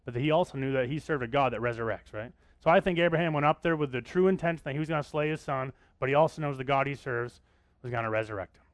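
A man's voice: mid-range voice, fast, dry recording, studio quality. A man preaching a sermon as pastor, talking conversationally and often asking the congregation questions.

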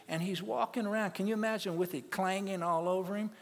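A pastor preaching a sermon, telling a story and rousing the congregation to repeat after him. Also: male voice, high-pitched, steady tone, fast talker. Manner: storytelling, building to call-and-response shouts. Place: church sanctuary. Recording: long church reverb.

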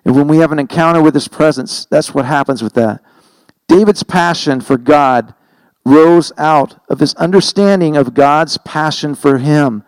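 A man's voice: fairly high pitch, normal speed, no room sound, low-quality recording. A middle-aged man preaching a sermon in an earnest, conversational way, heavy-hearted and emotional, stumbling and correcting himself as he goes. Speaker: pastor.

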